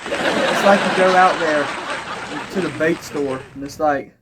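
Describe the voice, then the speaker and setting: A young man telling comic stand-up stories, rambling and halting with frequent restarts. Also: a little high, fairly bright tone. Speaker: stand-up comedian. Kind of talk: stand-up comedy storytelling. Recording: live crowd laughter and noise. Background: audience laughing.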